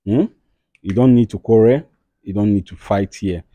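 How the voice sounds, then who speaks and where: A man's voice: lowish voice, normal speed, dry recording, lo-fi sound, natural voice. A man playing a soothing talk show mediator. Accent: Nigerian. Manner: soothing, repeatedly urging calm, mixes Pidgin. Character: male mediator talk show host, calm, moralizing. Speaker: talk show host in a skit. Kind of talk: comedy skit acting.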